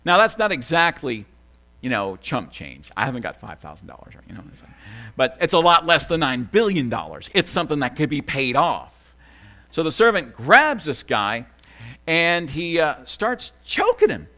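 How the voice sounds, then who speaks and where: Preacher, male, fairly high voice with a very lively pitch, animated sermon delivery. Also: moderate pace. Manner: animated, swings from loud excitement to quiet asides. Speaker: pastor.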